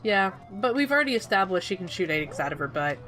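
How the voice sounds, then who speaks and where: A young adult woman giving casual, teasing commentary on a video game, chatting with fillers and pauses. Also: medium pitch, big pitch swings, music in the background. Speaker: co-host of a game let's-play.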